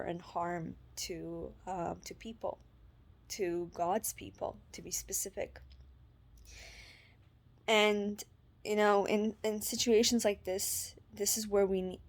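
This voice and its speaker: A young woman from Canada speaks in a fairly low, steady voice with little rise and fall. She talks haltingly, circling back with fillers and restarts as she shares her faith in a personal vlog. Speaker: vlogger.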